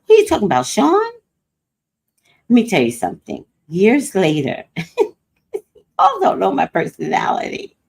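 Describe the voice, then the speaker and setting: A woman's voice: mid-range voice, moderate pace, gravelly, pauses often, slightly rough. An older woman hosting a livestream, telling a personal story in casual chat and acting out what others said. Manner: animated storytelling, quoting others. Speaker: host.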